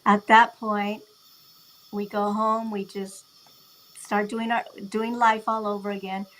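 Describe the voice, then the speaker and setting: A woman's voice: medium pitch, takes it slowly, low-quality recording. Woman telling a family story. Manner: animated retelling with quoted dialogue. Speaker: guest sharing a family story. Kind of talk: casual storytelling.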